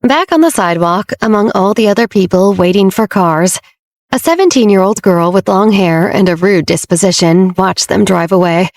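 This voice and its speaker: A woman reads a romance novel aloud in a steady, measured storytelling voice. Her pitch sits in the middle, and the close mic gives a dry sound with no room around it. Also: dry recording. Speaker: audiobook narrator. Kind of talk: scripted narration.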